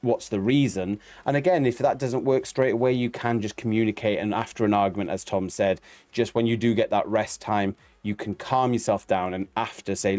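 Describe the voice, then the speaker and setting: A man's voice: on the low side, fairly even intonation, moderate pace, darkish tone, dry recording. A man, a life coach co-hosting a casual advice show, rambling and joking as he reads out viewer questions.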